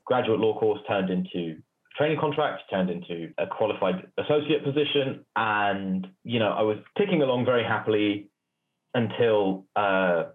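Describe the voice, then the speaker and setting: A man from North London, a guest in an interview, telling his career story in a relaxed, wry way. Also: fairly low pitch, moderate pace, phone-quality sound. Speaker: guest, general counsel.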